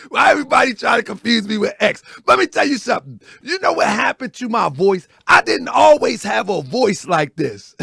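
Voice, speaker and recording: Raspy dude hosting a morning show, high gravelly voice, talks loud and lively. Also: male voice, dry recording, clean studio sound. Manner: loud, animated storytelling with laughs. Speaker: host. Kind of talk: casual morning show talk.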